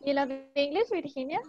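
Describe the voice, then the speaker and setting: A woman's voice: high voice, moderate pace, darkish tone, highs cut off. A young woman teaching an English class to students, asking many short questions and switching into Spanish to explain.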